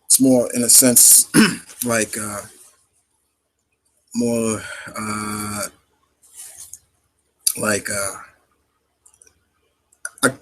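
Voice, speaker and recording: A man's voice: lowish voice, steady tone, extremely slow, long pauses, poor audio. A man hosting a live question-and-answer stream in casual chat, rambling and full of fillers. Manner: rambling, heavy with fillers and restarts.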